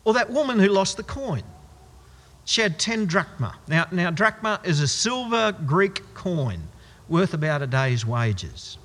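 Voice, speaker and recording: A man's voice: sits high, big pitch swings, unhurried, a bit bright, in a large hall. A man preaching a sermon in a conversational, wry style with exaggerated asides.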